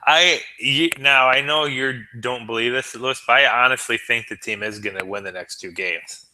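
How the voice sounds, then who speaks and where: A man's voice: medium pitch, moderate pace, bright, forceful tone, rough recording. A man co-hosting a sports talk show, earnest and stammering as he builds long arguments. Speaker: podcast co-host.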